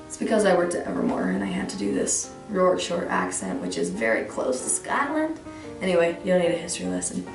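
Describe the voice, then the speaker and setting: A woman's voice: fairly low pitch, huge pitch swings, a little fast, creaky. A young woman giving advice in a chatty, rambling, self-deprecating vlog. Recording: roomy room, distant mic, faint music.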